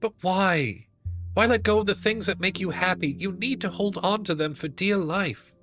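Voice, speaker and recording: A man voicing a clingy, stubborn little girl in an English accent, high and pleading. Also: normal speed, a bit bright, faint music behind. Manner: high childish pleading, insistent.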